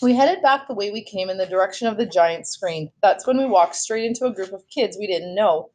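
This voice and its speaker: A woman reading a children's novel aloud in a steady storytelling voice, now and then correcting herself. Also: mid-range voice, fairly quick, a little hiss or hum. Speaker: read-aloud host.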